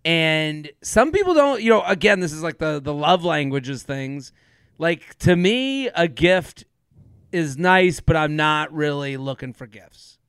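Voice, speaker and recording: A man's voice: fairly high pitch, animated, measured pace, fairly bright tone, clean tone, dry recording, clean studio sound. A man co-hosting a podcast in casual chat. He laughs often and rambles through restarts as he thinks aloud. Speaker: podcast co-host.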